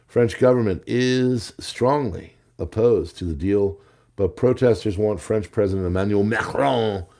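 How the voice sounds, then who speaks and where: A man's voice: low-pitched, mellow. A man hosting a news commentary show, reading headlines and adding sarcastic, jokey asides. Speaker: host.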